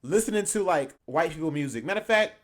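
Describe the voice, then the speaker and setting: A young man talks straight to his audience in loose, casual commentary. His voice sits a little high for a man, and he gets animated and laughs easily when he makes his points. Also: fast. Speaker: channel host reacting to a video.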